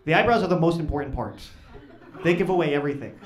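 Deadpan stand-up comic in an echoey club. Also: male voice, a little high, quick pace, a crowd in the background. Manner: deadpan, awkward, builds to loud laughing punchlines. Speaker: stand-up comedian. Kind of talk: stand-up comedy set. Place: comedy club stage with live audience. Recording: echoey club with audience noise.

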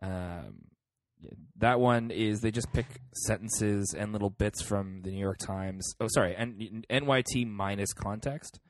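Low-voiced matter-of-fact male co-host, dry sound. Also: unhurried, no room sound. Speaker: podcast co-host. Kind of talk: casual podcast chat.

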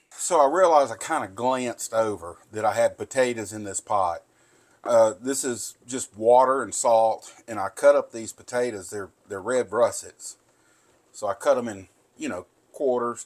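A man, hosting a casual home cooking tutorial in a folksy, chatty way. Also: medium pitch. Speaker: cooking show host. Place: home kitchen.

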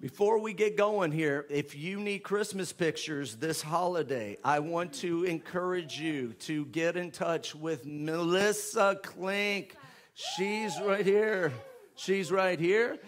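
Joking pastor, fairly high voice. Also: male voice, takes it slowly, few pauses. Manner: joking, chatty, rising to loud fervent prayer. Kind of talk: church offering announcements and prayer. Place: church sanctuary with live congregation.

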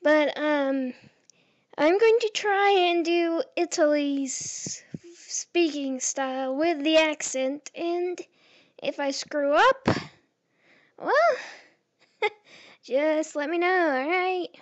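A woman's voice: sits high, slow pace, long pauses. A woman vlogger chatting casually to camera, giggly and hesitant with lots of fillers, on a dull lo-fi recording.

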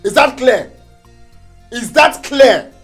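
A man's voice: sits high, very animated, a little slow, roomy sound, music in the background. An actor with a Nigerian accent playing a young father who angrily defends his claim to his son in a film drama. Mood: shouting. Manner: indignant, emphatic, repeats himself.

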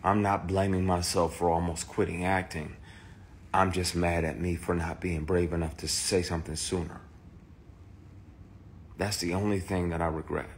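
Deep-voiced man telling a raw story. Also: a little hiss or hum. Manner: emphatic, raw and swearing, with restarts. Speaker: actor. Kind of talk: candid personal testimony.

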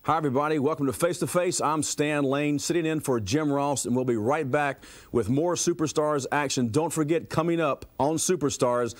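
A man hosting a wrestling TV segment in a measured presenter style, from an archival broadcast. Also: fairly high pitch. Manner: smooth, measured presenter delivery. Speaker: TV wrestling host.

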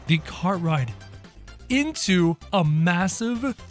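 A high, lively male voice giving running commentary on a game, excitable and quick to yelp at the action. His pitch jumps all over as he talks to his viewers. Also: soft background music. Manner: excitable, yelping at the screen. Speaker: gaming channel host.

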